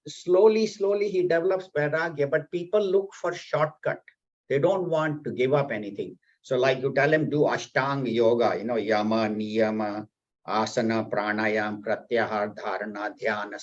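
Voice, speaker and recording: A man giving a spiritual discourse, telling a story in an animated, explanatory way. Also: medium pitch. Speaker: spiritual teacher. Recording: slightly dull, lo-fi audio.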